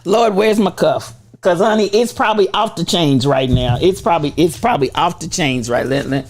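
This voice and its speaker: A woman hosting a livestream, giving an impassioned, preachy rant to her viewers. She swings between shouts and low asides. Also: expressive, moderate pace. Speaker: livestream host.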